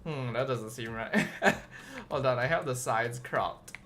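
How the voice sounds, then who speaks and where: A man's voice: mid-range voice, measured pace, sharp tone. A young man chatting casually on his livestream, tired and rambling with lots of fillers and restarts. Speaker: streamer.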